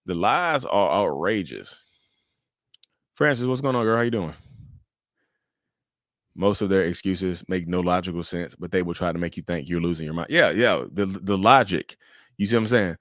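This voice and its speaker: A man hosting a casual livestream, animated and joking, often stumbling and restarting as he answers viewers' questions. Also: sits low, normal speed, long pauses, dry recording, studio quality. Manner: addresses viewers as y'all, answers chat questions. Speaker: livestream host.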